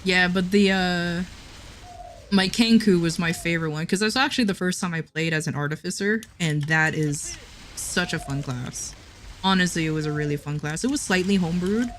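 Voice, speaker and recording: A woman's voice: on the low side, moderate pace, a little hiss or hum. A woman livestreamer chatting casually with her chat, giggling often and restarting her sentences.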